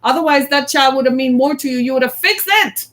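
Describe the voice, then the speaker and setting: A woman's voice: high voice, brisk, a bit bright. A middle-aged woman giving a motivational talk to an audience, emphatic, often repeating one key word and acting out quoted lines. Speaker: speaker.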